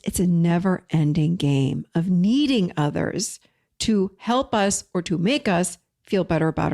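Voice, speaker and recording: A middle-aged woman, a therapist and life coach, giving an encouraging, conversational motivational talk straight to her viewers. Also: lowish voice. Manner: warm encouraging, conversational, addresses viewers as you guys.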